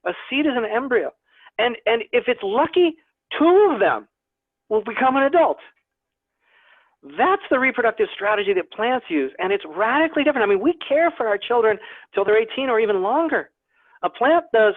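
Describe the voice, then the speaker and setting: A plant scientist with a very high, very animated voice gives an online lecture to a naturalist club over a video call at a moderate pace. He's chatty and self-deprecating, often repeating words, and the audio is tinny and phone-like with no room sound.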